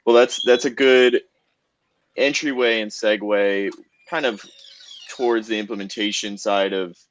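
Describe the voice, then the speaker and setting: A man's voice: on the low side, fairly even intonation, unhurried, a little hiss or hum. A man hosting a podcast, asking interview questions in a casual way with lots of "um" and "kind of". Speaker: podcast host. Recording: dull, dry sound.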